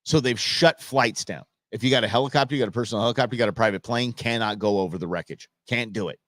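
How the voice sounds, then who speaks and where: A man's voice: mid-range voice, fast, fairly bright tone, dry recording, clean studio sound. A man hosting a live political commentary show, fired up and sarcastic, often restarting and repeating himself. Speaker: show host.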